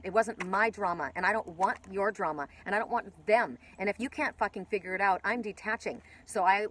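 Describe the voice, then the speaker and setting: A woman's voice: mid-range voice, a bit bright, rough recording. A woman giving a casual spiritual oracle card reading, rambling with many restarts and casual swearing.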